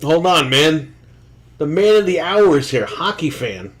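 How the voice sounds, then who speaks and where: A high-pitched man hosting a casual podcast, ranting in bursts and swearing freely. He hammers his points home with repeated asides and hammy emphasis. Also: very animated, measured pace. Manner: profane, loud, ranting. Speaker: podcast co-host.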